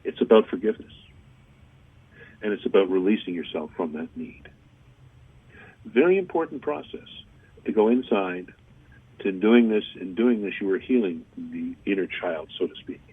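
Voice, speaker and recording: A deep-voiced man with a husky tone coaches listeners in a calm, steady way, as a radio show guest. His voice comes over a dry, narrow phone line. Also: normal speed, pauses often. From Canada. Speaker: guest channeller. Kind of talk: gentle spiritual advice on a radio interview.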